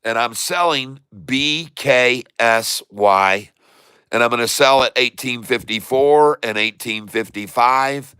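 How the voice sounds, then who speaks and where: A man hosting a casual stock trading livestream, folksy and excitable, chatting to viewers while he trades. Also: mid-range voice, clean tone, no room sound, studio quality. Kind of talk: casual live market commentary.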